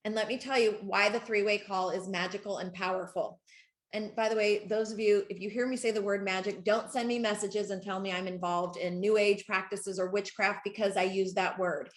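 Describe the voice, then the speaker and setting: A woman coaching a live group call, excitable and quick to laugh, speaking straight to her audience. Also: mid-range voice, roomy sound. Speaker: network marketing coach.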